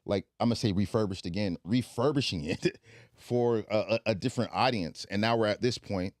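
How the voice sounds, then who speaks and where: A man's voice: fairly low pitch, brisk, no room sound, studio quality. A young Southern man with an African American accent, chatting casually and telling stories with lots of asides. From Southern United States. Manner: animated, digressive storytelling. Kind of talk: casual chat.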